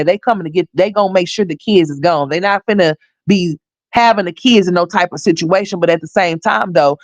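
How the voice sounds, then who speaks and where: A woman hosting a livestream, giving blunt, profane commentary and scolding directly, her voice hoarse. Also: fairly low pitch, dry recording. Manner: blunt, scolding, profane, talks straight to viewers.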